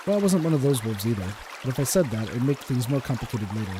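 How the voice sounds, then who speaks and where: A man's voice: mid-range voice, very animated, fast, few pauses, noisy background. A man streaming a visual novel, reading its narration aloud in a wry tone, with game music behind.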